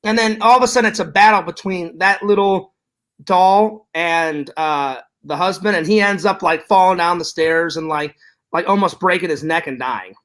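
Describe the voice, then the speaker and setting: A man chatting casually on a podcast, telling stories in a rambling, halting way full of fillers. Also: high voice, fairly bright tone. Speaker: podcast co-host. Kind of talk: casual chat.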